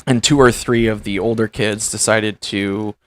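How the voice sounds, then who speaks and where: A young man in casual podcast chat, telling animated stories and swearing freely. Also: on the low side, moderate pace. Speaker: podcast co-host.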